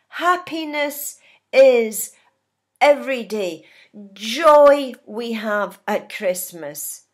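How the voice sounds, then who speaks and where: A woman from Scotland teaching an English lesson on feeling words, speaking deliberately and acting out example sentences. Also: medium pitch. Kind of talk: slow classroom English lesson. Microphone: filmed speaking, writing on a board.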